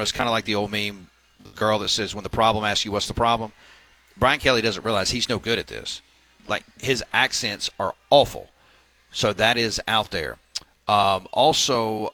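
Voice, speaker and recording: A man's voice: fairly low pitch, bright, forceful tone, low-quality recording. A man hosting a sports talk radio segment, reading news items with filler words and wry asides.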